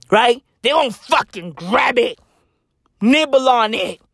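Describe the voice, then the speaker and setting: A South African man delivering a profane comedic rant straight to camera, animated and bursting into shouts. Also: very high-pitched, measured pace, no echo, studio quality.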